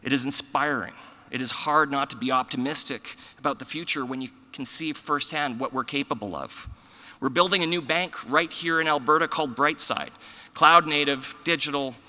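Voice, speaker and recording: A man in his forties delivers earnest, conversational closing remarks at a conference, a little short of breath. His voice is bright and forceful. The sound carries the long reverb of a large hall. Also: medium pitch. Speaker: bank executive giving closing remarks. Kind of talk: conference speech.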